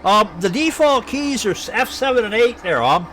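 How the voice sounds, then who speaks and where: A man with an Ottawa Valley accent talks through a live game stream, rambling and thinking aloud. His voice sits high and swoops up and down constantly. He is easygoing and chatty throughout. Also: expressive, normal speed, bright, forceful tone, slight background noise. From Ottawa, Canada. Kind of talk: live gameplay commentary.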